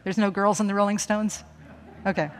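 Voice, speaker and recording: A woman's voice: medium pitch, steady tone, fairly quick, in a large hall. A middle-aged woman minister giving a chatty, self-mocking sermon, laughing often. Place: church sanctuary.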